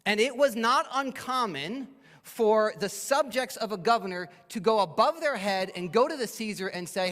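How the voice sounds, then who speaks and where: A man's voice: sits high, expressive, moderate pace, a bit bright. A man pastor preaching a sermon, explaining a Bible passage and briefly acting out the people in it. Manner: expository preaching, acts out quoted speakers. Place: church sanctuary. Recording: long church hall reverb.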